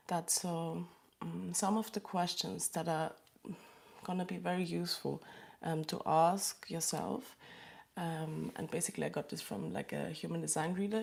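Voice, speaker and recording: A woman hosting a live stream from a small closed room, talking softly and haltingly with pauses and sighs. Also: on the low side, fairly even intonation, gravelly. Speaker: livestream host. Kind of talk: emotional live chat.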